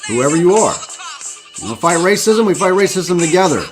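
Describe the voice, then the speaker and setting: A podcast host with a high-sitting voice and big swings in pitch talks a little fast, delivering an impassioned live-stream monologue over background music. He's profane and preachy, firing up and rallying his listeners.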